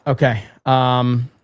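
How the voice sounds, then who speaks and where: A man hosting a casual live stream, rambling and reading viewer chat aloud. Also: medium pitch. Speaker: livestream host.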